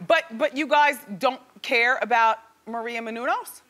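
A woman hosting a talk show, chatting and gossiping to a live studio audience with lively exclamations. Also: fairly high pitch, moderate pace, slight background noise.

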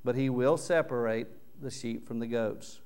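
Emphatic male preacher with a smooth voice. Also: medium pitch, moderate pace. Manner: earnest, emphatic preaching with loud swells on key words. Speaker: pastor. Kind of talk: sermon. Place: church sanctuary.

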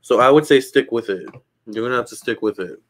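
A man's voice: medium pitch, fairly quick. Man giving a live psychic reading. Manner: hedging, talks straight to viewers, reads out chat questions. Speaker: livestream psychic tarot reader. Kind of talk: casual live-stream chat.

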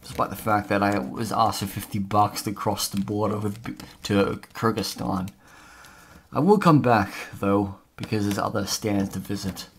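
A man's voice: lowish voice, normal speed, slight background noise. A man vlogging casually as he scratches off a map, rambling and chatty with lots of fillers. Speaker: travel vlogger.

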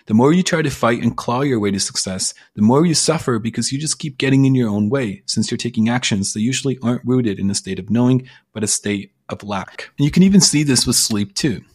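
A man's voice: mid-range voice, brisk, hardly any pauses, slightly rough. A man giving a blunt, persuasive self-help monologue in a casual, emphatic way, with frequent swearing. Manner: blunt, casual, sprinkled with profanity. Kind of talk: motivational monologue.

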